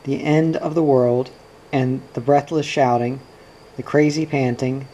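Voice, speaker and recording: A man reading a novel aloud in an unhurried, even storytelling delivery. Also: medium pitch, a little hiss or hum, low-quality recording. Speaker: reader. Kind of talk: audiobook narration of a novel.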